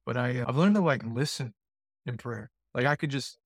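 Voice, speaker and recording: A man of middle pitch talks about prayer in loose, halting bursts, stumbling over and repeating his words. His voice is recorded close and dry. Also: dry recording. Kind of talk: casual faith conversation.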